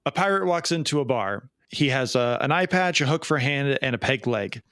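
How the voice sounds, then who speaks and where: A man's voice: mid-range voice, expressive, fairly quick, a bit bright, no room sound, studio quality. A man co-hosting a podcast in casual chat, rambling and jokey, often laughing. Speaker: podcast co-host.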